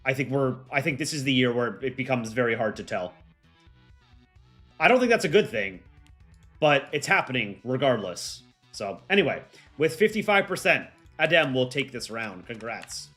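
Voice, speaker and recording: A man's voice: mid-range voice, very animated, moderate pace, a bit bright, faint music behind. A young man hosting a livestream, chatting casually and rambling with lots of fillers. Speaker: livestream host.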